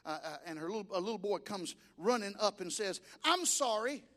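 A man preaching a sermon as pastor, telling stories and rising to shouted exhortation. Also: sits high, fast.

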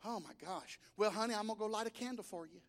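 Chatty woman neighbor, fussing sympathy, put on by a preacher, high voice. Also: fast. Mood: sympathetic.

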